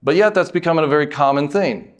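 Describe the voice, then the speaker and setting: An American man preaches a sermon as a pastor, speaking fast and with emphasis. He stretches out words, suddenly lifts his pitch and volume, and drops in folksy asides.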